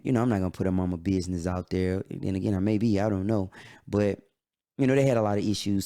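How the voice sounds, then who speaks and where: A man tells a personal story on his podcast. His voice is low with a gravelly edge. He talks in a candid, halting way, with many pauses. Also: dark tone. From Atlanta, USA. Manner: candid, halting, emotional retelling. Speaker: podcast host.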